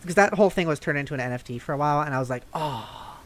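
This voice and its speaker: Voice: mid-range voice, rapid-fire. Chatty, self-conscious VTuber streamer. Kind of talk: casual chat while gaming.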